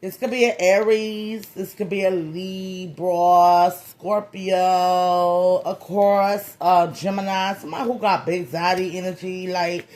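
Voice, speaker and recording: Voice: medium pitch, a little mellow. A tarot reader giving a comedic reading in a loose, slangy, playful way, with profane jokes and lots of repeated phrases. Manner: profane joking.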